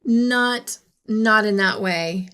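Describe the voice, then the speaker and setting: A woman's voice: mid-range voice, very slow, sharp tone, clear, resonant tone, exaggerated voice. Woman reading as flustered dreamy young woman.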